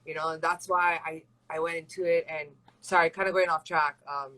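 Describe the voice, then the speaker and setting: A woman's voice: sits low, steady tone, brisk, sharp tone, rough recording. A young woman from Hawaii, a fighter chatting in an interview with a rambling, casual flow. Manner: chatty and rambling, full of "like" and "you know". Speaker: MMA fighter and guest.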